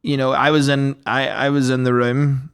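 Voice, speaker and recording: A man's voice: medium pitch, little pitch movement, moderate pace, creaky, clean tone. A man co-hosting a podcast, telling a long anecdote in casual chat and swearing often. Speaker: podcast co-host.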